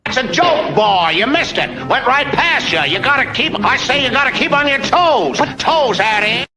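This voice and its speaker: A blustering cartoon rooster, booming Southern drawl, very high and squawky, repeats himself, cartoon clip with clear music behind. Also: male voice, animated, moderate pace, rough recording. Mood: needling. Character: blustering loudmouth cartoon rooster, male, middle-aged.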